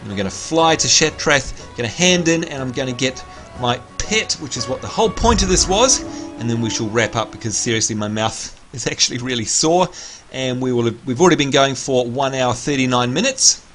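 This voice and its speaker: A man livestreaming a video game, chatting casually, reading out viewer messages and giving shout-outs, with excitable bursts while he plays. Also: mid-range voice, brisk, music in the background.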